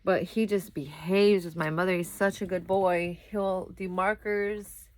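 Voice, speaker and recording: A woman's voice: on the low side, steady tone, a little slow. Tired, chatty young pregnant woman. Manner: rambling, chatty, breaks off to talk to her toddler. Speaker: vlogger. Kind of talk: casual chat to camera.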